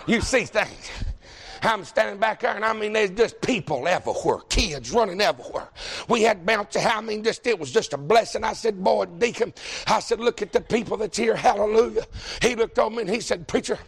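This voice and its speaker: Man, pastor, very high voice, folksy sermon, shouting preacher. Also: animated, fairly quick, gravelly, husky. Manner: folksy, joking, builds to shouting.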